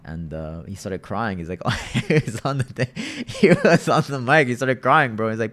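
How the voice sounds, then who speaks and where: A young male streamer talks through a match with his viewers in a loose, rambling way, tossing "bro" into nearly every sentence. His voice sits a little on the low side, and he circles back over the same phrases as he thinks aloud. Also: a little fast. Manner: loose and chatty, peppers talk with "bro" and repeats himself. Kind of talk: casual live-stream gaming chat.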